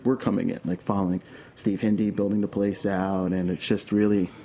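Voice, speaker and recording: A man's voice: sits low, little pitch movement, a little fast, dark tone. A man from Queens with a New York accent, a filmmaker guest rambling with many restarts in casual radio chat. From Queens, New York City.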